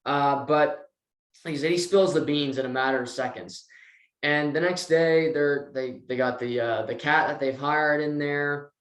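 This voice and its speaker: A man's voice: a little high, normal speed. Man retelling a show in a roomy echo. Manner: animated storytelling, acting out quotes. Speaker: podcast co-host. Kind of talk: casual recap chat.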